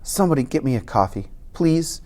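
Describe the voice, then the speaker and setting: A reader doing a gentle, sorrowful woman doctor. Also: medium pitch, lively intonation, natural voice. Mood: gently sad. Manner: soft, slow and quiet. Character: kind sad woman doctor, gentle and weary. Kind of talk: audiobook character voice.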